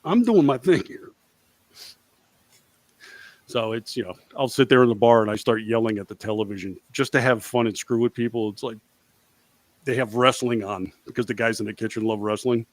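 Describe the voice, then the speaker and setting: A man co-hosting a casual podcast chat, swearing freely and acting out quotes in a loud, higher voice. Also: normal speed, pauses often, dry recording. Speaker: podcast co-host.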